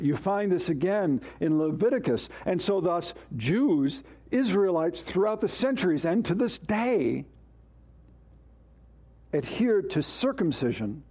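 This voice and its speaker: A man's voice: on the high side, a little mellow. A man preaching a sermon as pastor, emphatic and asking rhetorical questions.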